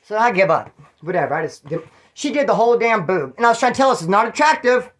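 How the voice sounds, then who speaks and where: This California man shares prison stories in a high, fairly bright voice, talking fast with lively intonation. He rambles, swears, uses slang, starts over often and puts on voices for the people he quotes.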